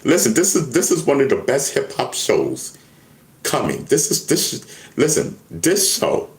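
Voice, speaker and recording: A man talks through hip hop news on a live stream, his pitch swooping up and down as he goes. He rambles, stumbles over repeated words and addresses his chat directly. He sounds close to a desk mic at his computer. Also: wildly swooping pitch, unhurried, rough recording. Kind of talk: casual live-stream commentary.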